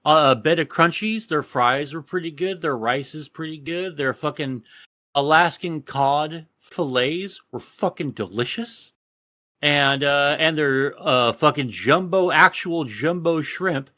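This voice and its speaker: A man's voice: on the high side, a little slow, no room sound, studio quality. Profane Texan man ranting. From Texas. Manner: profane, animated ranting storyteller. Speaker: podcast co-host. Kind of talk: casual podcast chat.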